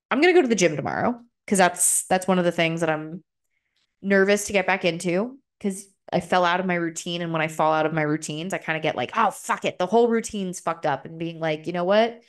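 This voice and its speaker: A young adult woman hosting a solo podcast, talking openly and emotionally and swearing freely, her voice jumping up high when she gets excited. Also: fast. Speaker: podcast host. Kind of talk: solo confessional podcast talk.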